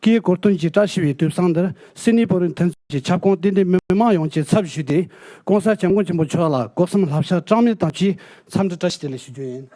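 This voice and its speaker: Man, community leader, formal address, measured, high voice, dry sound. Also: dark tone, no room sound.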